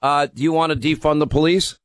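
A man's voice: fairly high pitch, steady tone, fairly quick, dry recording. A man hosting a call-in radio show, needling and arguing with a caller. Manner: combative, needling. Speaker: radio talk show host.

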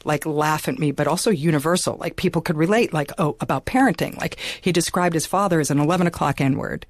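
A woman's voice: sits low, fast talker, no echo, studio quality. A woman being interviewed, talking casually and chattily with lots of "like". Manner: chatty, peppered with "like" and laughs. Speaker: interview guest. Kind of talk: casual conversation.

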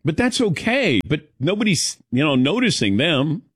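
Here a radio talk show host keeps things casual, animated as he brings in his co-hosts and performs quoted voices. He speaks at a moderate pace in a slightly rough, a little high voice, recorded dry with clean studio sound.

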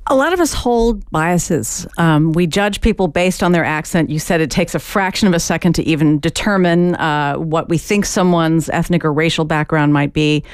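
A woman in her fifties hosting a public radio interview, asking calm, measured questions into a studio microphone. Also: low-pitched, smooth, no room sound. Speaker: radio talk show host.

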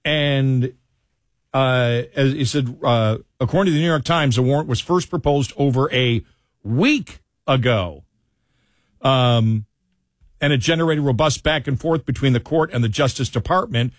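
A male radio host in a studio, rambling through banter and then reading a column aloud. His mid-pitched voice sounds dry and close, with hardly any room around it. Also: unhurried, dry recording. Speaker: radio talk show host. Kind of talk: casual talk radio banter and commentary. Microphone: studio headphones and mic.

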